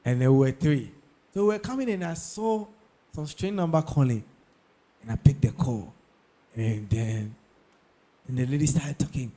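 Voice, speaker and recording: A man's voice: medium pitch, normal speed, long pauses, dark tone. A young Ghanaian man with a Ghanaian English accent, giving career advice to an audience; he repeats key points and keeps checking in with his listeners. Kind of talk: talk to an audience.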